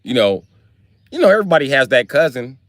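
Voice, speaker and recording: Dry, clean studio sound carries a medium-pitched man talking quickly on a live stream. His casual rant is made of comedic stories, profane, slangy and animated.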